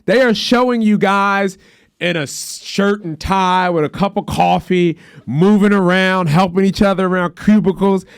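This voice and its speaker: High-voiced, profane storytelling man. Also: moderate pace, creaky, clean tone, dry recording, studio quality. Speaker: podcast host. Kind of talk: casual chat.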